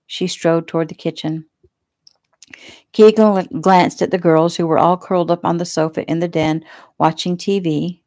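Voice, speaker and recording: A woman author reading her own novel aloud in a relaxed, homey way. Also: on the low side, moderate pace, no echo, clean studio sound. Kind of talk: casual audiobook narration.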